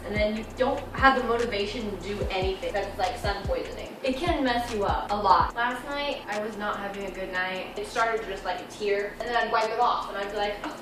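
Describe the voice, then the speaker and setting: A woman's voice: medium pitch, very echoey, far from the mic, background noise. A teenage girl vlogging casually, chatty and jumpy, squealing when something surprises her. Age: teens. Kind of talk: casual vlog chat.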